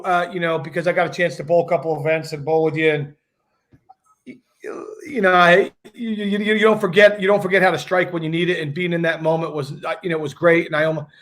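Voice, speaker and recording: A man's voice: a little high, fairly bright tone. A man guest on a casual video-call chat, talking in a rambling way with many fillers and restarts. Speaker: guest bowler.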